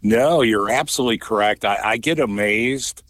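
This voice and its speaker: A man co-hosting a talk radio show, with a fairly low voice. He chimes in agreeably and backs up his partner. His voice is close and dry in a studio. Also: normal speed, a bit bright, no echo. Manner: agreeable, short affirming replies. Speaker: radio co-host. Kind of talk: casual radio talk segment.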